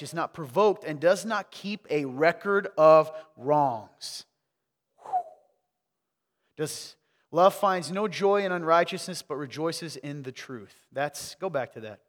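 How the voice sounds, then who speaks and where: Energetic pastor preaching. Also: male voice, a little high, big-room sound. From American South. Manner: energetic, questioning the crowd, wide swings from loud to hushed. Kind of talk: sermon. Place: church sanctuary.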